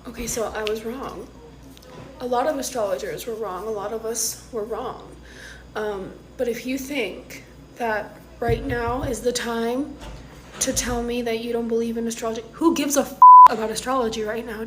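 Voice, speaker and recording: A woman's voice: a little high, fairly even intonation, moderate pace. A woman astrologer ranting heatedly in a vlog, cutting off her own swear words. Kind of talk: angry vlog rant. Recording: loud background noise.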